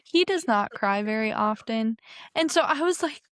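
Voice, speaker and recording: A young woman in her twenties, a podcast guest chatting casually and telling an animated, giggly story. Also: on the high side, normal speed, smooth, no room sound, studio quality. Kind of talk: casual chat.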